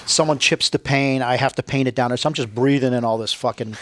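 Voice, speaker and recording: A man's voice: mid-range voice, fairly even intonation, quick pace, a bit bright. A man telling a long, profane story in a casual interview, acting out the people he quotes. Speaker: podcast guest, retired Navy SEAL.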